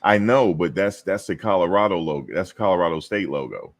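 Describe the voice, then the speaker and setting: Male stream host with a deep voice, chatty and playful with his audience. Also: fairly quick. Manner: animated, teasing, talks to viewers and chat. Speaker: show host. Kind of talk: casual live-stream chat.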